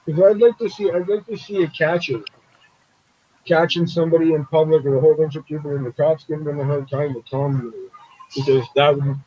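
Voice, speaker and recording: A man's voice: fairly high pitch, a little fast, warm tone, poor audio. A man hosting a casual live-stream chat over a video call, talking bluntly, swearing and acting out the people he quotes. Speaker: show host.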